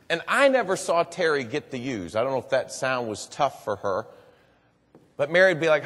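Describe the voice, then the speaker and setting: A man's voice: on the high side, very animated, normal speed, fairly bright tone. A man telling a story in earnest to a live audience. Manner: earnest storytelling, repeats "and boy". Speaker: public speaker. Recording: long hall reverb.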